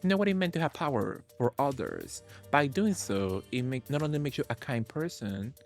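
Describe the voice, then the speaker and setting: A man's voice: medium pitch, very animated, moderate pace, vocal fry, soft background music. A man voicing a dying, ghostly middle-aged father, reading earnestly with small stumbles. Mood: solemn.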